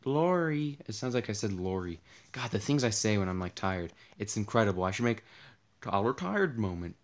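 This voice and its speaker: A young man who hosts a gaming channel talks a little fast in a fairly low, expressive voice during casual Let's Play commentary. Worn out and losing his voice, he wanders from thought to thought, gets startled easily, and jokes about himself.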